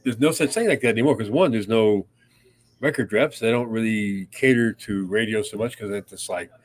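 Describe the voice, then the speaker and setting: A man's voice: lowish voice, brisk. An older man co-hosting a casual radio podcast, rambling through anecdotes and swearing freely. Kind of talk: casual storytelling chat.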